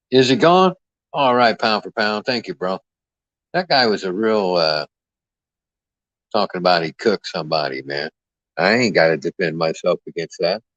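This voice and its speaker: A man's voice: low voice, animated, a little slow, pauses often, a bit bright, no room sound. A man hosting a livestream, trash-talking a caller in a brash, profane, mocking way. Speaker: livestream host. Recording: dull lo-fi dry mic sound.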